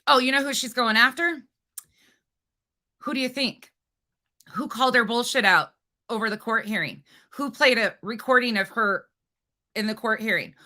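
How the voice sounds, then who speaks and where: A woman's voice: a little high, moderate pace, pauses often, bright, forceful tone. A woman hosting a livestream, ranting angrily and profanely at a rival and taunting her. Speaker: livestream host. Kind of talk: heated livestream rant.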